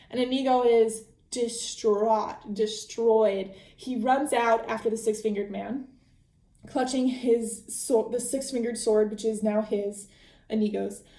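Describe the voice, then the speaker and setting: A woman hosts a podcast and retells a book casually, rambling and correcting herself as she goes. Her voice sits fairly high with a mellow, soft tone. The recording sounds roomy and echoey. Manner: chatty, rambling, self-correcting with fillers. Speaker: podcast host. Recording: echoey room.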